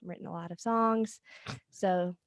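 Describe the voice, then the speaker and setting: A woman's voice: on the low side, steady tone, measured pace, no echo, clean studio sound. A woman with a Southern Georgia accent chatting casually and a little self-consciously as podcast co-host.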